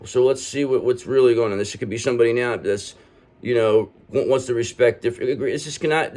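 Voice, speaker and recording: A man's voice: on the low side, a little mellow. A man reading tarot cards and speaking straight to the viewer in a reassuring way, ending many points with "okay?". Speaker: tarot reader.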